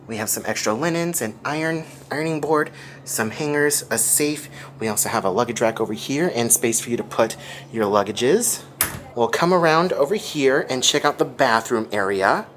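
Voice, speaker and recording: A theme park vlogger with a mid-range voice gives a hotel tour, showing viewers the rooftop and then a room. He's excitable and gushing, exclaiming and calling his audience "guys," with slight background noise in the recording.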